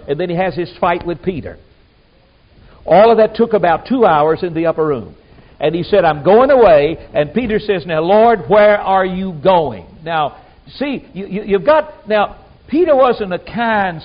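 A man delivers a sermon in a folksy, emphatic manner and acts out the people he quotes. His voice sits high and swoops up and down with lively range. The recording is dull and lo-fi. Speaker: preacher. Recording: dull lo-fi sound.

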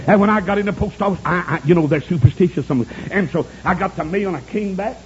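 Fervent high-voiced man preaching. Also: fast, a little hiss or hum. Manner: fervent, shouts praise, folksy storytelling. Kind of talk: sermon. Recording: dull lo-fi recording with congregation.

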